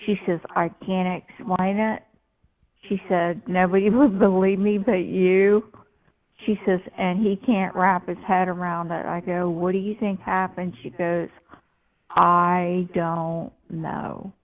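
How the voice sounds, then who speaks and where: A woman tells a rambling personal story, stopping often on fillers and restarting her sentences. She talks at an unhurried, drawn-out pace. Her voice comes through a tinny, narrow phone line. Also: on the low side, level tone. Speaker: guest storyteller. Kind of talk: casual storytelling on a live show.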